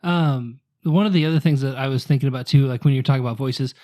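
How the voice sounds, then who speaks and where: Male podcast co-host, musing, thinks out loud with restarts. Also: medium pitch, fast. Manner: thinks aloud, repeats words and restarts. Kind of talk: casual chat.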